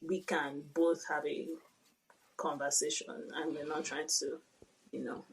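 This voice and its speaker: A young woman co-hosts a podcast in casual, thoughtful conversation. Her voice sits a little low. She often trails off as she works through her ideas. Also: level tone, a little slow, a little hiss or hum. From Nigeria. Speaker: podcast co-host. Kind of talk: casual chat.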